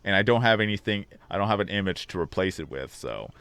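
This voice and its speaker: Low baritone man, a bit hoarse. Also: lively intonation, quick pace, a bit bright, no room sound. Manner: rambling, talks on long tangents. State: slightly hoarse, losing his voice. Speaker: livestream host. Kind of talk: casual livestream chat with viewers. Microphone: desk microphone.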